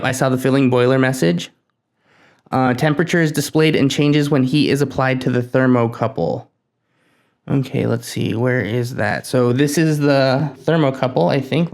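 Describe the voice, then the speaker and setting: A man at a middle pitch talks casually while testing electronics on his bench. He mutters to himself, nervous and easily excited. His tone stays chatty and hands-on. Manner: nervous, excitable, self-talking while working. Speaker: tech hobbyist host. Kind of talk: casual hands-on build vlog.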